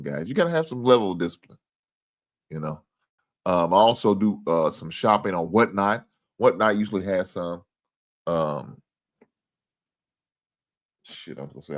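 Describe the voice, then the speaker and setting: Loud-ranting, lively-voiced livestream host man. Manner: swings from low mumbling to loud exasperated rants, swears, laughs. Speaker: livestream sports show host. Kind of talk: casual livestream chat reading viewer comments.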